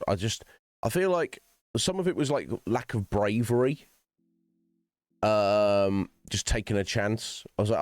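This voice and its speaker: A man's voice: deep voice, clear, resonant tone, no echo. A man streaming, chatting casually to his viewers in a rambling, conversational way with lots of restarts.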